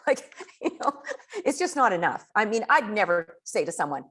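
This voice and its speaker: A woman giving a casual coaching talk on network marketing, chatty and animated. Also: medium pitch, moderate pace, husky. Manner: chatty, animated, acts out quoted dialogue.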